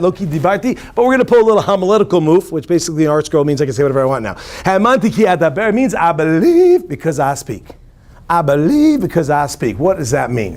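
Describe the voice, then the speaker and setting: A man, a rabbi, giving a humorous inspirational talk to an audience in a hotel conference room, animated and quizzing the listeners as he goes. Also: on the high side.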